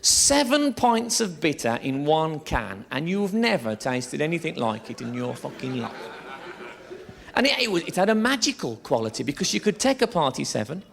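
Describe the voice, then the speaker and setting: A man tells a stand-up story on a theatre stage. His pitch jumps about a lot and his voice has a gravelly edge. The room around him is a live theatre, and there is crowd laughter behind him. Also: moderate pace. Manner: lively, rambling, swearing storyteller. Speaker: stand-up comedian. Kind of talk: stand-up comedy set.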